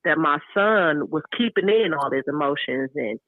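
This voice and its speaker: A woman's voice: low voice, animated, normal speed, dry recording. A mother calling into a radio talk show, speaking bluntly and candidly about raising her children. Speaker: caller. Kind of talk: casual call-in chat. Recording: tinny phone line.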